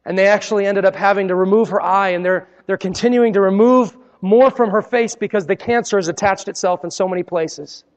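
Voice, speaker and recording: A male pastor with a high voice preaches with earnest, personal storytelling, sinking into hushed tones for emphasis. His voice rings out with a long reverb, as in a big hall. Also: a little fast, few pauses, lo-fi sound. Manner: earnest, personal storytelling with dramatic quiet drops. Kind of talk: sermon.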